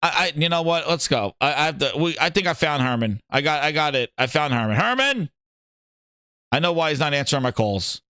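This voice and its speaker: A man hosting a gaming show, reacting to clips in an excitable, mocking rant full of laughs and swearing. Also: on the high side, fast, hardly any pauses, clear, resonant tone, dry recording, studio quality.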